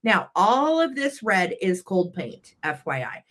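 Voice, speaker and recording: A woman co-hosting a live vintage sale, gushing with excitement over her finds and laughing often. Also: medium pitch, unhurried. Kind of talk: casual sales chat.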